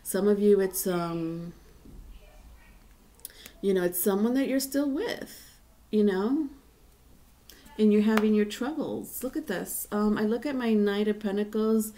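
A woman's voice: mid-range voice, measured pace, pauses often, warm tone, slight background noise. Chatty woman giving a tarot reading. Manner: chatty, rambling, many fillers and restarts. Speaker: tarot reader. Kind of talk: casual tarot reading to viewers.

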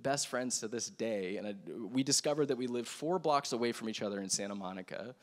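A man in his thirties giving an earnest, reflective personal testimony on a church stage, speaking with soft pauses. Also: mid-range voice. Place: large hall with stage. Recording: long hall reverb.

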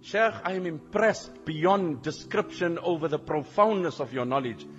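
A man voicing an admiring young woman who earnestly asks a scholar to marry her, in a formal, flattering way. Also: on the high side, normal speed, lo-fi sound, lightly acted. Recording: long hall reverb, faint music.

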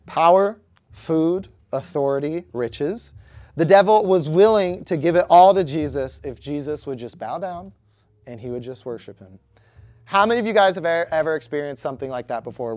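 A man's voice: fairly high pitch, darkish tone, dry recording. A young man preaching to a youth group, conversational and asking the room questions. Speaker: youth pastor. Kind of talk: youth sermon.

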